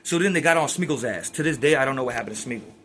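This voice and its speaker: A man's voice: mid-range voice, animated, racing, a bit bright, slight background noise. A man in his twenties casually telling a story, streetwise and slangy, acting out what others said. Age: 20s. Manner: streetwise slangy retelling with quoted dialogue.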